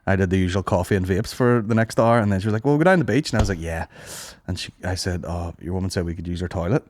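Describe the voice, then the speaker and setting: A man's voice: low voice, fairly even intonation, fast talker, a little mellow, a little hiss or hum. A man, telling crude stories in a rambling, casual way as a podcast co-host. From Northern Ireland. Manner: crude, rambling storyteller, swears a lot. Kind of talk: casual comedy chat.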